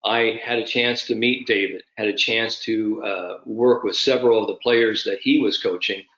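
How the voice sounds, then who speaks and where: A man in his fifties, a sport psychologist, telling an anecdote with animated storytelling during an online summit. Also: on the low side, normal speed, echoey room, dull audio. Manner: animated anecdotal storyteller, addresses the host by name.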